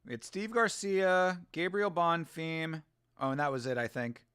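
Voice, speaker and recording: Casual male host, slightly high voice, sarcastic and salty, dry close mic, live watch-along. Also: a little slow, clear, resonant tone, dry recording. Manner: animated, profane, sarcastic, laughs often. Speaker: show host.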